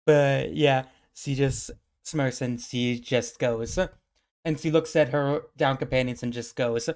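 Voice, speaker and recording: A man's voice: mid-range voice, fairly even intonation, slow pace, a little mellow. A man narrating as game master in a tabletop game, casual and laughing often, with many fillers.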